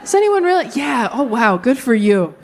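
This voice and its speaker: A young woman doing a stand-up comedy set with crowd work, animated and quick with asides, laughing at her own jokes. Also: a little high. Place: comedy stage before a live audience. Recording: live show with loud crowd noise.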